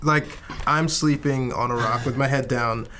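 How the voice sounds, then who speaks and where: A man playing a tabletop game, speaking in a dry, measured way. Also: medium pitch, steady tone, a loud crowd. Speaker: player.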